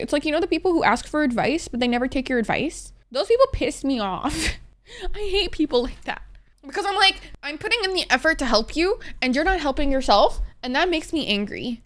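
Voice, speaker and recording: A woman's voice: sits high, lively intonation, normal speed. A young woman from Egypt giving casual reaction commentary on an anime, exasperated, swearing and venting at the characters.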